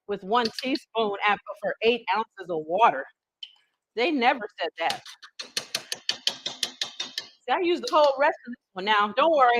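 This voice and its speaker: A woman's voice: on the high side, a bit bright, dry recording, rough recording. A woman hosting a live cooking stream, chatty and folksy, talking straight to her viewers with teasing asides. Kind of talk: casual live cooking demonstration.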